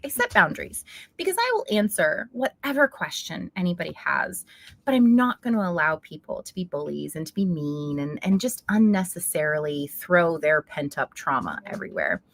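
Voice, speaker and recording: A woman's voice: on the low side, big pitch swings, normal speed. Earnest woman hosting a live chat. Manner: earnest, affirming, reflective. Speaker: livestream host. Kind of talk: casual live chat reading comments.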